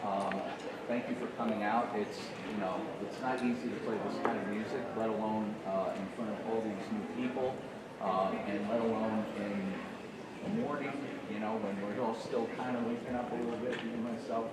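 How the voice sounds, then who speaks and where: Recorded at a distance in an echoey room, amid heavy background noise, a man in his forties gives friendly band rehearsal instruction to middle schoolers as a guest jazz clinician, scatting rhythms to teach them. He speaks at a moderate pace in a lowish voice with fairly even intonation.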